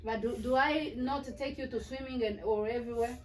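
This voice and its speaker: A woman's voice: on the high side, steady tone, fairly quick. A middle-aged woman, a mother lecturing her children at a family meeting in a firm, earnest way. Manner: firm, earnest, repeats "do you hear me". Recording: distant mic with faint background noise.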